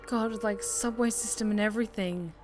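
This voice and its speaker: A woman streaming a video game with casual, excitable commentary, often exclaiming and swearing. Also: medium pitch, a little fast, over music.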